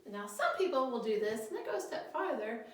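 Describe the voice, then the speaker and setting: Gentle woman counselor in an echoey room. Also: a little high, big pitch swings, a little fast, far from the mic. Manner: gentle, leads breathing exercises step by step. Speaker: school counselor. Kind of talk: guidance lesson for children. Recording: echoey room, voice set back from the mic.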